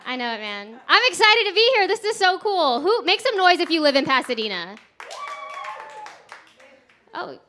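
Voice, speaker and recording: A woman's voice: very high voice, very animated, normal speed, long pauses, sharp tone, a little hiss or hum. A woman from Texas performing a stand-up set at a comedy club, chatty and self-mocking, laughing through her punchlines. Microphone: handheld stage mic.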